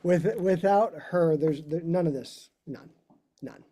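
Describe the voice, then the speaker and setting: Rambling, mellow-voiced male guitarist. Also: a little high, unhurried. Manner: rambling, warm asides and self-corrections. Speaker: guest speaker, classical guitarist. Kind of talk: casual career talk.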